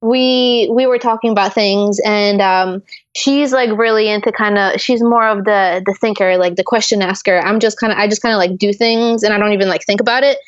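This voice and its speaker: A woman's voice: medium pitch, steady tone, a little fast, few pauses, no echo, lo-fi sound. Upbeat Polish-born young woman. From Poland. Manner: bubbly, upbeat, lots of "like". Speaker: guest, intuitive artist. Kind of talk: casual interview chat.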